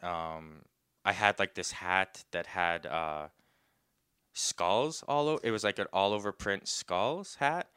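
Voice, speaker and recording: A young man tells a rambling story in a low, bright, crisp voice, stuffing "like" into every pause. He often breaks off to laugh. The close mic gives a dry, roomless sound. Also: no room sound. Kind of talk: casual storytelling chat.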